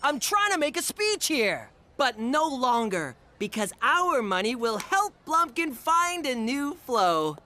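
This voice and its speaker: A woman voicing a sly, deadpan teenage boy with a sarcastic edge. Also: high voice, slow pace, few pauses, faint music behind, exaggerated voice.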